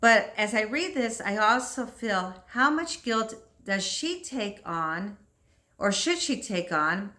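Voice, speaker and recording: A middle-aged woman teacher talks through a classic novel for English learners. She speaks very slowly and deliberately, with a bright, clear voice that spells out every idea. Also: medium pitch. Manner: slow, clear, deliberate explaining. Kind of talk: literature commentary for English learners.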